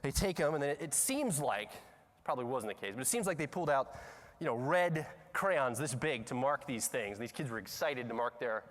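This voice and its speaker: A man's voice: medium pitch, expressive, brisk, fairly bright tone. A man giving a conference talk, telling a story with self-mocking humor and acting out the scenes. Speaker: conference speaker. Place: large conference hall. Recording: long reverb of a conference hall.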